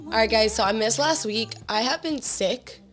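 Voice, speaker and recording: Slightly raspy young woman podcaster. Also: on the high side, normal speed, faint music behind. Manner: candid, rambling, quotes others in conversation. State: hoarse from illness. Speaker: podcast host; fitness trainer and athlete. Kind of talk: casual solo podcast talk.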